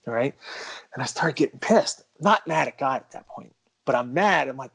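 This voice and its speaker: A man's voice: medium pitch, animated, moderate pace, gravelly, a bit bright, husky. Emphatic man telling a personal story. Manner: emphatic, insists the story is true. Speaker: podcast co-host. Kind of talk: casual storytelling.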